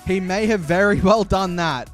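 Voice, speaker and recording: Young Aussie male streamer-caster, high voice, playful hype, light music bed. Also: normal speed. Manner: chatty, hyped, playful banter with chat. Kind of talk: live stream commentary.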